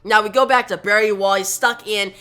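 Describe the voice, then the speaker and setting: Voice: medium pitch, fairly even intonation, fast talker, bright, forceful tone, clear, resonant tone. A narrator casually retelling a comic-book story, reading out the characters' dialogue. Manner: reads dialogue aloud with loose narration.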